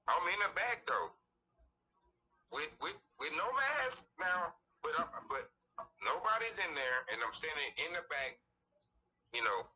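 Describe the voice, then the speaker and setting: A man's voice: fairly high pitch, very animated, a little slow, pauses often, bright, forceful tone. A man in his thirties in casual conversation as a podcast guest, rambling and cursing freely. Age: 30s. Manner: rambling storytelling with frequent cursing. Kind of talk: casual chat. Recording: distant, thin lo-fi mic with faint hiss.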